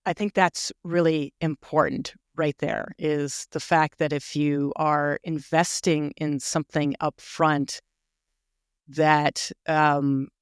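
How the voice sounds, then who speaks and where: Woman podcast host, encouraging and casual, smooth clear voice, dry close sound. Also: low-pitched, flat delivery, dry recording. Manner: encouraging, quick asides. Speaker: podcast host, healthcare provider. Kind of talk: casual interview conversation.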